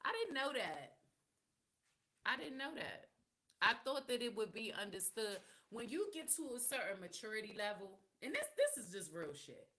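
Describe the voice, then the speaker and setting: Bright, sassy woman podcast host. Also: a little high, sing-song, moderate pace. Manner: candid, sassy storytelling with slang and laughter. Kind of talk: casual live podcast chat.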